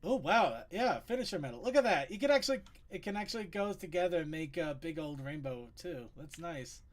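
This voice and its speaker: A man hosting a casual online chat show, excitable and quick to laugh. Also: a little high. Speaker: podcast host.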